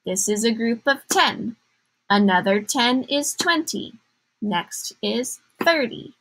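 A woman's voice: a little high, lively intonation, slow pace, a bit bright, poor audio. A woman teacher giving a patient math lesson to young children, counting aloud in a sing-song way.

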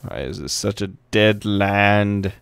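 A man's voice: lowish voice, takes it slowly, gravelly, a bit bright, clear, resonant tone, no echo. A man giving casual let's play commentary and playfully chatting to the animals in the game. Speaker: gameplay commentator.

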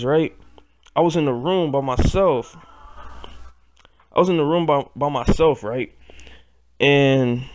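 A young man telling a story on his vlog, in an animated, profane, rambling way. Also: fairly high pitch. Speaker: vlogger.

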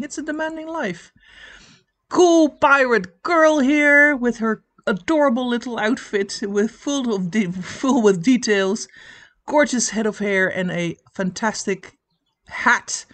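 A woman hosting a crochet channel, giving casual commentary and gushing over projects, chatty and giggly, with many 'uh' pauses. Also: fairly high pitch, fairly bright tone. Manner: enthusiastic, piling on cute and cool.

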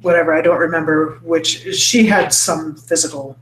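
A woman's voice: low-pitched, steady tone, moderate pace. A woman co-hosting a casual podcast, retelling a book's plot with lots of fillers and restarts. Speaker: podcast co-host. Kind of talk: casual book-club chat. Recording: roomy echo, faint background noise.

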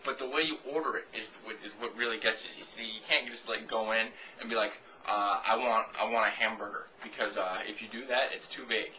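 A man's voice: on the low side, fast, few pauses, bright, forceful tone, highs cut off, slight background noise. A man in his twenties talking casually to camera. He rambles through a comic, sarcastic rant and swears freely. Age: 20s. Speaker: vlogger answering a viewer question.

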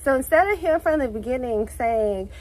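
A woman's voice: high-pitched, normal speed, rough recording. Swearing Houston woman telling a story. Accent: Southern US, Houston. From Texas, USA. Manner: animated, swearing, many "like" and "literally" fillers. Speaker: vlogger. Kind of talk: casual storytelling to camera.

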